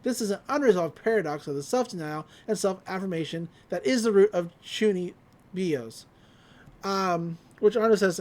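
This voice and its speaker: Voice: mid-range voice, moderate pace, darkish tone. Laughing, loose-talking podcast host. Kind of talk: casual show recap.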